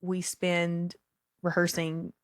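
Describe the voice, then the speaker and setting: A woman co-hosting a casual faith podcast, rambling warmly with many fillers and self-deprecating laughs. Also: lowish voice, monotone, slow, no echo, clean studio sound. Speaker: podcast co-host.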